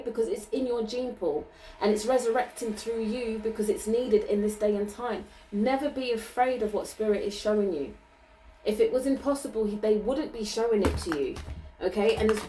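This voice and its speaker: A woman giving a channeled card reading, gentle and reassuring, often ending her sentences with "okay?" and laughing lightly. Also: on the high side, moderate pace, distant mic, slight background noise, low-quality recording. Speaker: spiritual card reader.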